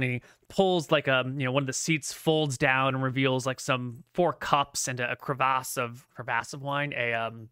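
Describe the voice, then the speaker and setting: A man's voice: mid-range voice, pushed and bright, clean tone, dry recording, clean studio sound. A man narrating a tabletop game as game master over an online voice call, rambling and searching for words with many fillers.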